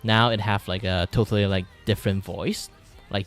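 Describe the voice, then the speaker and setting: This Malaysian vtuber, a native Mandarin speaker with a Malaysian English accent, chats on stream as he draws, soft music in the background. His voice is on the low side, steady, a bit bright, at normal speed, and he rambles with many fillers, changing voice register to demonstrate.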